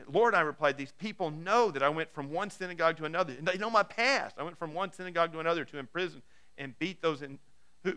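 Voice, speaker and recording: Male pastor, sermon delivery, high bright voice, dramatic hush-to-emphatic scripture reading.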